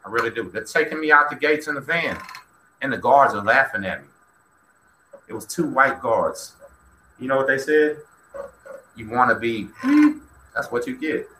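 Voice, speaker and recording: Texas man hosting, animated storyteller, very bright voice, echoey room, faint hiss. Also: medium pitch, normal speed, long pauses. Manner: animated, acts out quoted dialogue, talks to chat. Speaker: host. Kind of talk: casual storytelling livestream.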